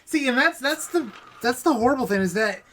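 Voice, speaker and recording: A man's voice: very high-pitched, expressive, fairly quick, a bit bright. A man co-hosting a podcast, chiming in and telling his own stories with casual swearing. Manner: swearing, chiming in with short replies. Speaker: podcast co-host. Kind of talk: casual chat.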